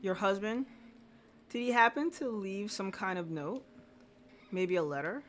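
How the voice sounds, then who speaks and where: Woman doing a polite nosy detective guy, slow and measured. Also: mid-range voice, slight background noise, natural voice. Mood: probing. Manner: measured, inquisitive. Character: probing, courteous male detective.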